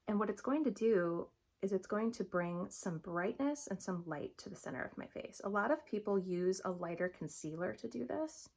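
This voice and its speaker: Gravelly-voiced woman doing a makeup tutorial. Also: medium pitch, expressive, moderate pace. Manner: chatty, instructive, upbeat. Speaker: makeup vlogger.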